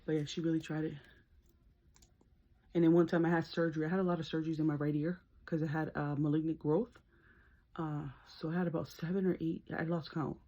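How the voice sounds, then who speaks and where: Doing her makeup on camera, a beauty vlogger who is an adult nurse chats a little fast through a story, laughing along. She's animated and breaks into high-pitched screams when retelling parts, all in a muffled recording.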